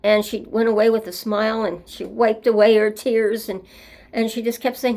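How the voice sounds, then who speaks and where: A woman talks straight to her listeners in a gravelly, creaky voice. She wanders from thought to thought in an earnest storytelling manner, hosting a reflective solo show. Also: on the high side, level tone, moderate pace, mellow. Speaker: host.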